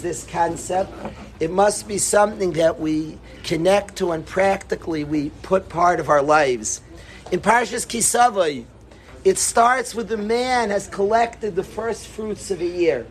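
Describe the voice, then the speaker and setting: A man giving a Torah lesson as a rabbi, animated, moving between soft talk and emphatic bursts, with Yiddish and Hebrew words mixed in. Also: high voice, a little hiss or hum.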